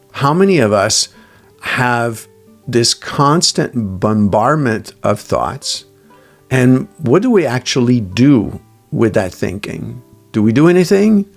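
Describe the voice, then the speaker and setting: A man giving a reflective self-help talk, telling everyday stories in a thoughtful, halting way. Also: mid-range voice. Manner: thoughtful, halting, with restarts and quoted inner voice. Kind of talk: reflective solo talk with anecdotes.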